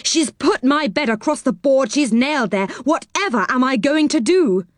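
Lady reading as a huffy round-faced little man, quick to get cross, voice pushed up high, storybook style. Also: animated, dry recording, studio quality. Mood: indignant. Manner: indignant, exclaiming. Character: hot-tempered round-faced male tree dweller. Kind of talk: storybook read-aloud.

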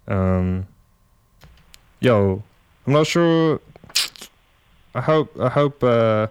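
A man's voice: medium pitch, expressive, drawn-out words, clean tone, dry recording. A young man hosting a casual student radio show, laid-back and slangy, laughing often. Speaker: radio host.

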